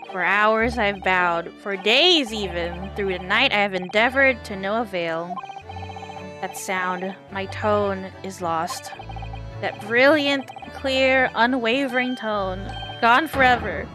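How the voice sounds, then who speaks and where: Despairing, grandiose male detective read by a woman, slow and mournful, game music clearly underneath. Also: medium pitch, close to an everyday voice. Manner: melodramatic, sighing, grandiose. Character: gloomy theatrical male detective, heartbroken violinist.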